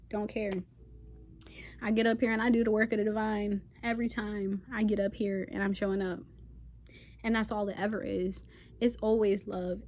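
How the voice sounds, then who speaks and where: Her voice is medium-pitched and a bit mellow, but the delivery is defiant and sassy: the host of a spiritual channel ranting straight to camera without a script. Casual slang and emphatic repetition fill her impassioned talk.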